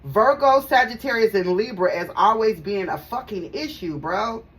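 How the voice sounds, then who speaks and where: Her voice is mid-range and animated, at an ordinary speed, as she reads tarot for her audience in a chatty, emphatic way. She repeats phrases and talks right to the viewers, sounding slightly distant from the mic over faint noise.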